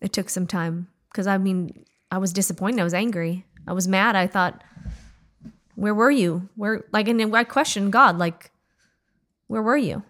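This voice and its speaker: A woman in her thirties telling a painful family memory in a halting, casual way, with pauses and "like". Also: medium pitch, steady tone, a bit bright. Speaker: wife telling a family story. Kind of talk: emotional personal storytelling.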